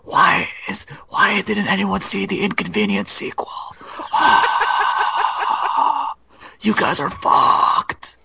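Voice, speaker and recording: A man's voice: sits high, huge pitch swings, very slow, creaky, long pauses, sharp tone, a little hiss or hum, full character voice. Man doing a whiny gasping cartoon car. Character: whiny male cartoon hybrid car, self-pitying.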